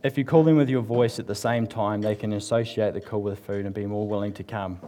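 A man's voice: lowish voice, steady tone, fairly quick, dark tone, slight background noise. Chatty, joking New man preaching. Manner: chatty and joking, with frequent fillers. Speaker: church speaker. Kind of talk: casual humorous sermon. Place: church service with live congregation.

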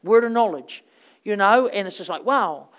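A woman preacher telling stories through her sermon in a loose, rambling way. She talks casually, with plenty of fillers. Her voice swings from loud bursts down to quiet asides. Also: mid-range voice, normal speed, clear, resonant tone. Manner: conversational, rambling storytelling with fillers; animated, swings between loud and soft.

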